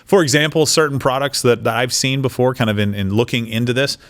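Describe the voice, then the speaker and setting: Male co-host, mid-pitched voice, lively chat-show commentary with restarts. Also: quick pace. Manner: animated, mock voices, frequent restarts. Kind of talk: casual political commentary.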